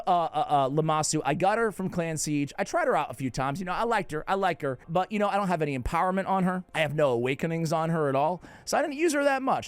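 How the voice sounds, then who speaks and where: A man's voice: a little high, dry recording. Jokey New England man, gaming chat. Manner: playful, jokey, sudden excited outbursts. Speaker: game guide creator. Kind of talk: casual gaming commentary.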